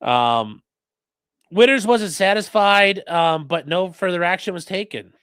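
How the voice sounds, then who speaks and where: A man hosting a livestream as an attorney, giving sarcastic, animated legal commentary. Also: high-pitched, measured pace, clean tone, no room sound. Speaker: attorney and channel host.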